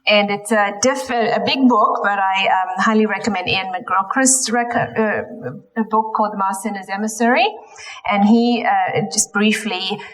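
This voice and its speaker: A woman's voice: medium pitch, steady tone, normal speed, fairly bright tone, rough recording. A woman giving a lecture in a church, speaking with frequent ums and self-corrections. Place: church hall.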